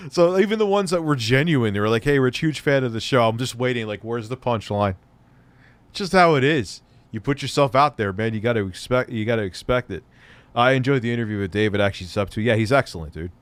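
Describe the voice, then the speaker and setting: A middle-aged man hosting a livestream in casual chat, loose and profane, laughing often and jumping into excited bursts. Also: medium pitch, fairly quick, no echo. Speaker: livestream host.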